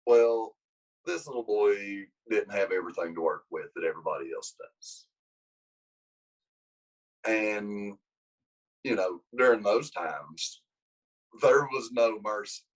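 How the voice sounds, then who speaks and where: Husky wrestling coach telling a story. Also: male voice, on the low side, takes it slowly, long pauses, rough recording. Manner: rambling with many restarts, lively when acting out quotes. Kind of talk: storytelling in a podcast interview.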